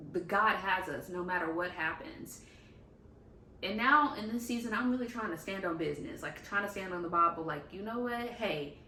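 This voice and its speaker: Candid young woman, slightly low voice. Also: pushed and bright, far from the mic, slight background noise. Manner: candid and talkative, uses 'like' often. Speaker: faith vlogger. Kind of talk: casual confessional vlog. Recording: echoey room, faint ambience.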